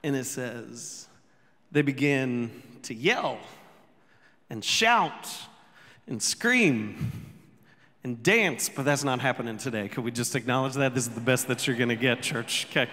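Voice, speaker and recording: A man preaching a sermon as pastor, telling the story with jokes, quick asides and sudden shouts. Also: fairly high pitch, big-room sound. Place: church sanctuary.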